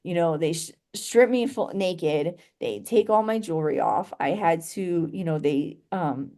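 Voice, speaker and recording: Here a young woman shares something painful from her life during an interview. Her voice sits fairly low and sounds mellow, and she takes her time, wandering through the story, restarting sentences, and leaning on "like" and "you know."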